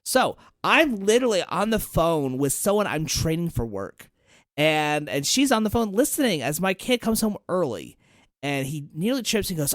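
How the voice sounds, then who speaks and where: Lively, expressive man in casual chat. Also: fairly high pitch, moderate pace, no room sound, clean studio sound. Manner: animated storytelling, swears freely. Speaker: podcast guest.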